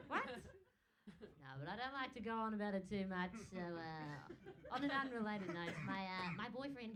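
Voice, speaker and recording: A young woman from New Zealand with a New Zealand accent and an unusually high, squeaky voice, doing a stand-up set in a comedy club and laughing often between jokes. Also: sing-song, unhurried, long pauses, a bit bright.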